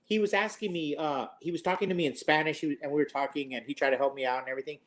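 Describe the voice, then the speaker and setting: High-voiced man telling a teasing anecdote. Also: steady tone, racing. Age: 50s. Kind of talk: casual storytelling.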